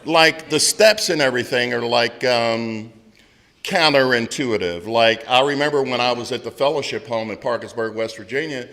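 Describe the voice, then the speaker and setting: A middle-aged man speaking at a recovery meeting, telling his story in a loud, blunt, candid way with plenty of swearing. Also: medium pitch, normal speed. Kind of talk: candid personal recovery share. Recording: long hall reverb.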